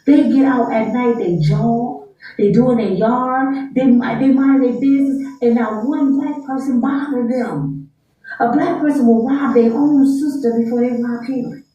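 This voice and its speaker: A woman's voice: fairly high pitch, unhurried, dark tone, lo-fi sound. A woman giving a brash, slangy, heated rant on a livestream. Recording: echoey room, far from mic.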